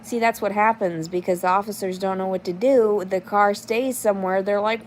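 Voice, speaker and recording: A woman's voice: medium pitch, steady tone, brisk, a little hiss or hum. A woman in her thirties livestreaming in casual chat, reading out comments and answering them in a blunt, profane, rambling way.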